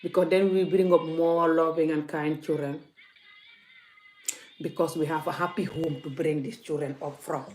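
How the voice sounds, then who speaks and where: A woman vlogger speaks straight to her viewers in an impassioned, preachy way. She leans hard on her points, and her voice sits fairly low. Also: fairly even intonation, normal speed, darkish tone, soft background music. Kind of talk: casual live vlog talk.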